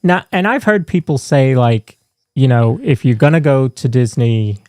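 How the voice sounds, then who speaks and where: A man co-hosting a podcast interview, asking questions in a relaxed, conversational way. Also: medium pitch, moderate pace, smooth, no room sound. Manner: conversational, asks questions at length. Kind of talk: casual interview chat.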